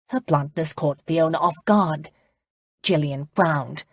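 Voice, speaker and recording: Husky-voiced woman narrating an audiobook. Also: deep voice, slow pace, no echo, clean studio sound.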